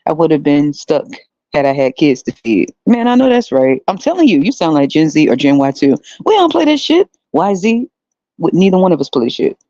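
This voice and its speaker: A woman's voice: low-pitched, lively intonation, brisk, warm tone, no echo, lo-fi sound. A woman in her thirties hosting a podcast, talking blunt and profane, mocking others and laughing. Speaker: podcast host. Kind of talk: casual solo commentary.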